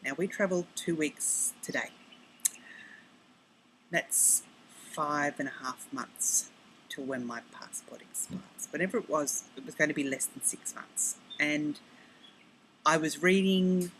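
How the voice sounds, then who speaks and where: A middle-aged Australian woman hosting a podcast, chatting casually and rambling with quick self-corrections and asides, recorded outdoors on her deck. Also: sits low, a bit bright, a little hiss or hum, rough recording. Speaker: podcast host. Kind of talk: casual chat.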